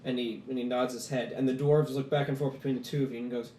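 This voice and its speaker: A man's voice: mid-range voice, flat delivery, quick pace, mellow, slight background noise. A man narrating as game master of a tabletop game in a casual, storytelling way, in an echoey room.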